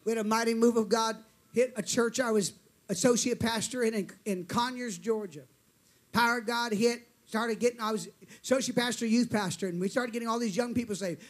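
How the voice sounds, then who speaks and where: A male preacher, telling a story in a sermon with animated delivery and calls for amens. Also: very high voice, a little fast.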